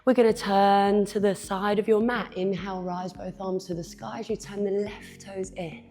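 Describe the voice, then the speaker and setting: A woman instructor guiding a yoga class with calm, encouraging cues while she moves, a bit out of breath, sometimes dropping to a whisper. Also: medium pitch, moderate pace, faint music behind.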